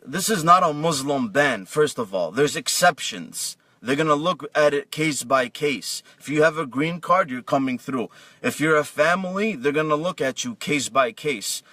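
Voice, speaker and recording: Aggressive ranting man, a bit high. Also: dry recording, far from the mic. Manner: aggressive, shouting, stumbling restarts. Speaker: political vlogger. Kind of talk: angry political rant.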